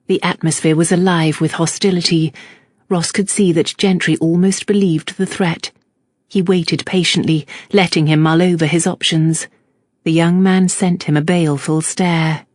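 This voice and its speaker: An audiobook narrator reading a historical romance with steady, even storytelling. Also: mid-range voice, moderate pace, dry recording, clean studio sound. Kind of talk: scripted narration.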